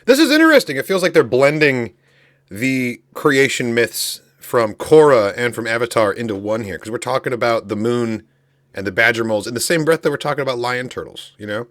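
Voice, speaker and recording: A man giving casual reaction commentary on a show, animated, loud and joking, with some swearing. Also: medium pitch, moderate pace, dry recording. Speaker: reaction host.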